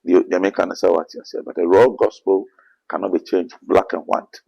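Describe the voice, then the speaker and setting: Gravelly deep Ghanaian preacher man. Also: fairly even intonation, brisk, warm tone, lo-fi sound. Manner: earnest, quotes scripture, rising to emphatic bursts. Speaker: apostle being interviewed. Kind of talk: preachy interview answers.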